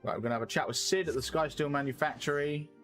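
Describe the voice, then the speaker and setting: A man streaming a video game, chatting excitedly and laughing as he plays. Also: on the high side, fast talker, faint music behind. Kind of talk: live game-stream commentary.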